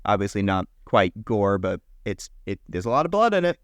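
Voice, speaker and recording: A young man with a fairly low, sing-song voice co-hosts a podcast, eagerly running through film history year by year. He lists the years in quick, enthusiastic bursts and swears casually along the way. The studio recording is clean, with no room sound.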